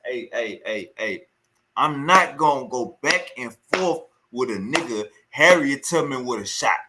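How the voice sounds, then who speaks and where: A man with an animated, medium-pitched voice reacts to a clip with heated, scornful casual commentary at a measured pace. He repeats himself as he rants, and background noise can be heard.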